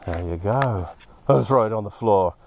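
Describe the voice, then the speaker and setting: A man hosting a casual vlog outdoors at a quarry. He talks excitedly, gasping and dropping into breathy whispers. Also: lowish voice, normal speed, a little hiss or hum. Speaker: host, moldavite hunter.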